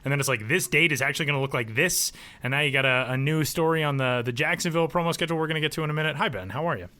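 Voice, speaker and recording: A man hosts a podcast chat with a bright, somewhat high voice. He talks fast, upbeat and rambling. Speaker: podcast host. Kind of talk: casual chat.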